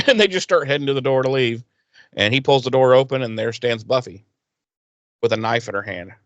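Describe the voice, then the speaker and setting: A man with a mid-range voice co-hosts a podcast, speaking a little fast as he casually recaps a TV episode. He swears freely and animatedly acts out the characters' lines, and the recording is muffled with no echo.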